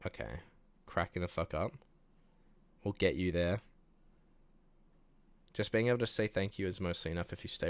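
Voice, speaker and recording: A young New Zealand streamer chats casually on a livestream, reading chat aloud, relaxed and laughing easily as he restarts sentences. His deep voice has a clean tone in a dry recording.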